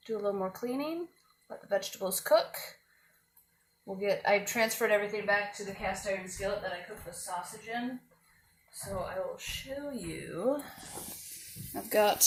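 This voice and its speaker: A woman chatting casually as she cooks at home for her cooking vlog, joking about herself along the way. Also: mid-range voice. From not from the American South. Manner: chatty, self-deprecating, talks while cooking. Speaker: home cook vlogger. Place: home kitchen with frying pan sizzling. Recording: echoey kitchen with frying noise.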